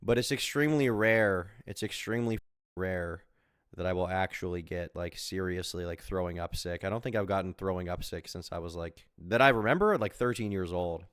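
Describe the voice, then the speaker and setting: A man's voice: low voice, a little fast, fairly bright tone, dry recording, clean studio sound. A man in his twenties chatting casually with his live stream chat from home, joking, rambling and crude.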